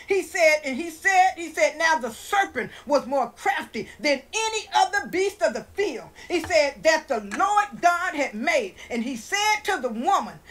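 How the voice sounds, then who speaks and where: A high-pitched woman preaches with great feeling and a lively, swooping voice. She reads scripture aloud and keeps putting questions to her listeners before answering them herself. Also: rough recording. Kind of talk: informal sermon, reading scripture.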